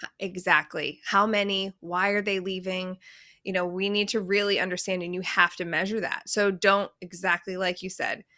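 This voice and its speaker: A woman co-hosting a casual podcast, talking conversationally and firing off quick practical questions. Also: lowish voice, level tone, bright, forceful tone, no echo, studio quality. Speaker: podcast co-host.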